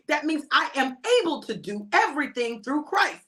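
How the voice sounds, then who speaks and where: Lively high-voiced woman preaching. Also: moderate pace. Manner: emphatic and repetitive, calls out to listeners. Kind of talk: informal sermon.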